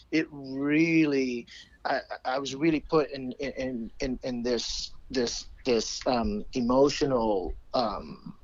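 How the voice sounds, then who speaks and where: A man who is a Muay Thai coach, a guest in casual chat, speaking earnestly and haltingly, with many fillers and restarts. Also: medium pitch, fairly bright tone, highs cut off.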